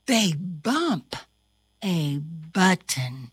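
A woman reads a children's storybook aloud, her bright voice rising and falling in wide swoops. She takes her time over every line and adds gasps and little sound effects for fun. The recording is close and dry. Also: mid-range voice, husky, no room sound. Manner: slow, sing-song and animated, with gasps and playful sound effects. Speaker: storybook reader. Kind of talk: children's picture book read-aloud.

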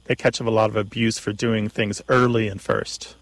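A man's voice: lowish voice, level tone, moderate pace, no room sound. A man co-hosting a call-in radio show, explaining word usage in a knowledgeable way with some restarts. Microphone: studio mic.

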